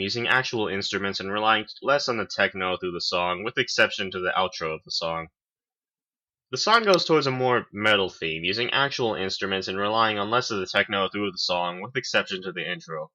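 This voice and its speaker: Low-ish man, forceful and tense tone, sardonic reviewer, muffled lo-fi sound. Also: expressive, fairly quick. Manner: dry, sarcastic. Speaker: host, album reviewer. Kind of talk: semi-scripted review.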